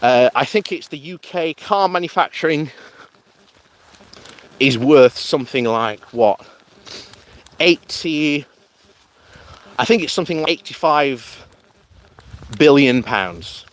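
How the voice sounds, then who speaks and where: A man's voice: fairly high pitch, expressive, slow, pauses often. A man giving rambling, casual political commentary while walking outdoors. He often laughs as he talks and films himself on a handheld camera. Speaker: political vlogger. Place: outdoors on a morning walk.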